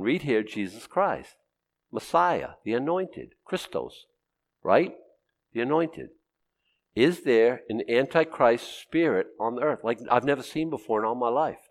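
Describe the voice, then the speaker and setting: A pastor preaching a sermon, swinging from loud exclamations to quiet, wry asides. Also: male voice, medium pitch, expressive, measured pace.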